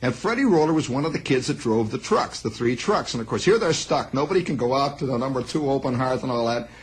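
A man telling a long personal story in a spoken monologue, rambling and animated, acting out sounds. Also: mid-range voice, fast, slightly rough, rough recording.

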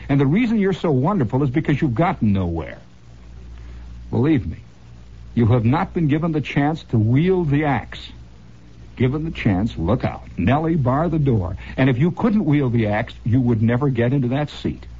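A male radio host spins wry, sardonic stories in a rambling monologue. His voice is very husky and mellow, and his pitch rises and falls a lot. It sounds like a dull, lo-fi old radio recording.

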